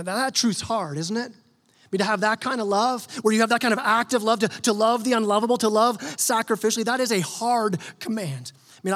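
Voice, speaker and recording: Guy pastor preaching in a church, kinda high voice, big hall reverb, earnest and chatty. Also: fairly bright tone. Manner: earnest, conversational preaching with repeated restarts. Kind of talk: sermon. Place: church sanctuary.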